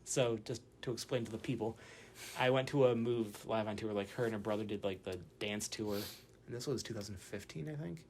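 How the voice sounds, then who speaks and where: A man co-hosting a casual podcast, telling animated stories and acting out excited quotes. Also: fairly low pitch, fairly quick, slight background noise. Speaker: podcast host. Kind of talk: casual chat.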